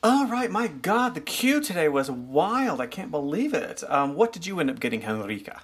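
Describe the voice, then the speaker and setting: A man's voice: fairly high pitch, very animated, normal speed, slightly rough. A man co-hosting a podcast, bantering playfully in casual chat. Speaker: podcast co-host.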